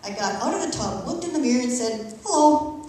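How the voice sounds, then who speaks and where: A middle-aged woman earnestly reading her personal testimony aloud in a church, emotional but measured. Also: on the high side, lively intonation, a little mellow, a little hiss or hum. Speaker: church member giving testimony. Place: church sanctuary. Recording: echoey church from far off.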